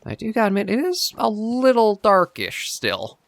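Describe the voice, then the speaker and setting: A man's voice: sits high, normal speed, vocal fry, no echo. A man hosting his gaming channel, chatting casually over his gameplay and thinking aloud as he goes. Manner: relaxed, thinking aloud with fillers.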